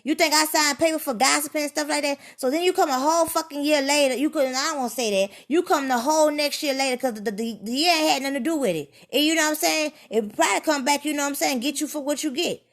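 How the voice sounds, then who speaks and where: A woman ranting in a rambling, profane monologue, sliding from low grumbling into loud heated outbursts. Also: fast talker, hardly any pauses. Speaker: vlogger.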